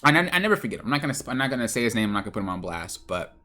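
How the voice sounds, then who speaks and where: A man's voice: mid-range voice, very animated, racing, bright, forceful tone. A man hosting his own podcast and telling a casual story about his work as a game coach. He rambles, stumbles over words and corrects himself often.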